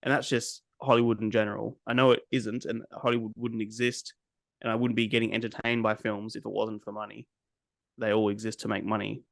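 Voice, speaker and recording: A man's voice: lowish voice, little pitch movement, fairly quick, gravelly, no room sound, clean studio sound. A man hosting a casual movie podcast, blunt and cynical, swearing freely as he picks films apart. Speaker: podcast host. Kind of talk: casual movie review chat.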